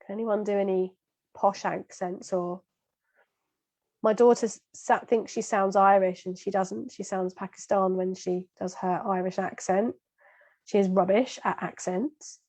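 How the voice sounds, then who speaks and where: A woman's voice: medium pitch, steady tone, unhurried, a little mellow. Woman, slight Kent accent, chatty, talks to viewers, video call. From Kent, England. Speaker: interview guest. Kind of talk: casual live-stream chat.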